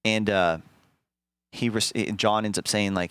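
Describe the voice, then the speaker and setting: A man streaming, telling a story casually to his chat in an animated, profane way, acting out the lines he quotes. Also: on the low side, measured pace, pauses often, smooth, dry recording.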